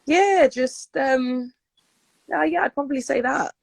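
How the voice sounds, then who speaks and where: A woman's voice: high-pitched, a little slow, creaky, no echo. A young woman, a guest in a casual interview, talking in an upbeat, loose way with many fillers and repeated words. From United Kingdom.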